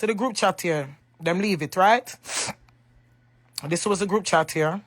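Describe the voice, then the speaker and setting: On a livestream, a Jamaican woman who is a social media personality cries through an emotional rant. Her voice sits on the low side and her delivery is unhurried, though she grows emphatic and repetitive and sometimes raises her voice.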